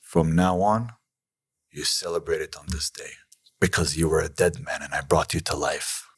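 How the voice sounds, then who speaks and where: A man's voice: very deep voice, fairly even intonation, moderate pace, husky, no echo. A man telling boastful tough-guy stories as a podcast guest, acting out quotes with bravado. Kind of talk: boastful storytelling.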